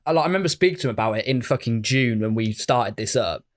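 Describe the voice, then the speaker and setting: Chatty English podcast co-host, mid-pitched. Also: male voice, lively intonation, quick pace, background noise. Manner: chatty, laughs often, swears casually. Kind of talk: casual chat.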